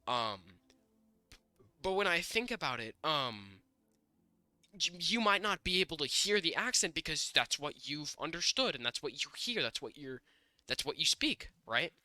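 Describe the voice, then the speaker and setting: A man's voice: on the high side, big pitch swings, measured pace, bright, forceful tone, no echo. A young man from the northern United States, co-hosting a podcast in casual chat, rambling with many restarts and fillers, sounding a bit sick. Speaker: podcast co-host.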